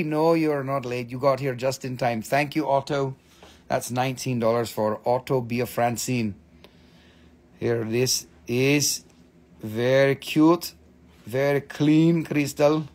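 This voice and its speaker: A man hosting a live-stream mineral sale, gushing excitedly over each stone, swearing freely and calling out prices. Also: medium pitch, unhurried. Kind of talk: live-stream sales chat.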